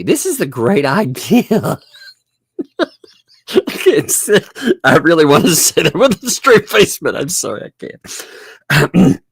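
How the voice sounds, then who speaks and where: Guy doing a commentary vlog, laughing a lot, slow talker, dry sound. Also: fairly high pitch, wildly swooping pitch, breathy edge, dry recording. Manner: laughs often, mocking and amused; repeats and restarts words. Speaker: commentary video host. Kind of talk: casual commentary.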